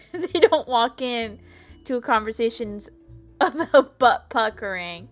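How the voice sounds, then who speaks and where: A woman's voice: on the high side, animated, slow. A woman streamer chatting casually with her viewers, silly and laughing a lot. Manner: giggly, silly, laughs often. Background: faint music.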